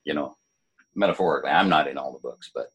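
Low husky older poet, thoughtful. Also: male voice, quick pace, fairly bright tone, poor audio. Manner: thoughtful, hesitant, many fillers and restarts. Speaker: poet, former city poet laureate. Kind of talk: relaxed interview conversation.

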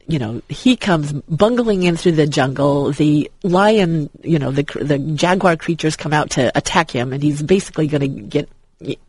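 Man, husky voice, rambling fan chat, dry close sound. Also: a little high, moderate pace, darkish tone, no room sound, rough recording. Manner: rambling, with many restarts and fillers. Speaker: guest.

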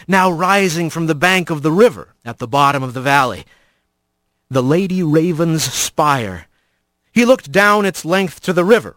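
A man narrating fiction in a dramatic, expressive audiobook reading. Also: a little high, no echo, clean studio sound.

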